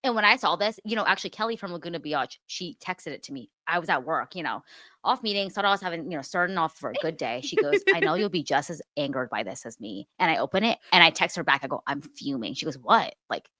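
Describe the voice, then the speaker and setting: A young woman co-hosting a podcast, gossiping in an animated way, swearing freely and laughing often. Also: low-pitched, fast talker, no echo. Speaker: podcast co-host. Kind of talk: casual gossip chat.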